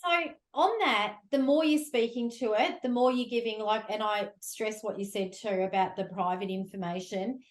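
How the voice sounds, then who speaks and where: A woman hosts a podcast interview with a conversational, enthusiastic manner. Her mid-pitched voice rings in a noticeably roomy echo. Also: normal speed, hardly any pauses. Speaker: podcast host.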